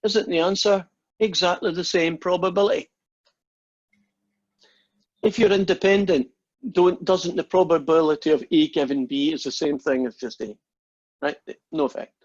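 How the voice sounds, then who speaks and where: A man's voice: a little high, steady tone, normal speed, pauses often, a little mellow. A man who teaches math and gives a chatty, joking lecture over a video call, with many fillers and restarts. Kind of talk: casual online lecture. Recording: dull lo-fi online call audio.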